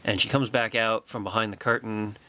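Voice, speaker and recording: A man vlogging a personal anecdote with excitable, wry storytelling and a sarcastic edge. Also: fairly low pitch, a little fast.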